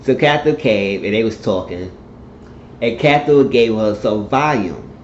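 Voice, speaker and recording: This TV show reviewer speaks at a normal pace in a lowish voice with lively intonation. He rambles through an episode's plot, acting out characters' dialogue in shifting voices. A bit of hiss or hum sits under a dull, echoey room recording.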